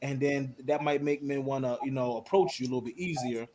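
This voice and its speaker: A man's voice: medium pitch, fairly even intonation, brisk, darkish tone. A man from Baltimore calling into a live stream, giving casual, reassuring advice with lots of fillers. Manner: easygoing, reassuring, filler-heavy. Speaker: caller.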